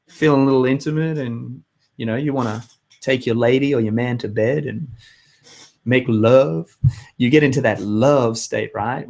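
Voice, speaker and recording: A hoarse young man giving an energetic motivational talk to his viewers, with emphatic outbursts. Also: mid-range voice. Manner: energetic, emphatic, bursts into loud shouts. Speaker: vlogger.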